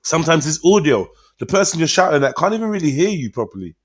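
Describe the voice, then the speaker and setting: A man hosting a casual livestream panel chat, slangy and animated, quick to laugh. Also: fairly high pitch. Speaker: livestream host.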